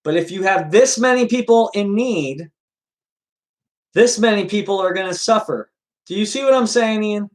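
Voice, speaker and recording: Reading out viewer comments and replying to people by name, this livestream host lectures in an earnest manner. He's a man with a high-pitched voice at a moderate pace, captured on a rough recording.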